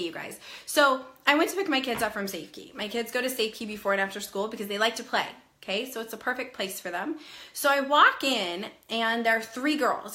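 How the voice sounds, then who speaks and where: Bright-voiced chatty woman, a bit nasal. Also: fairly high pitch. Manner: chatty, greets viewers by name. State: slightly out of breath and nasal. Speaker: live stream host. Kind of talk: casual live chat.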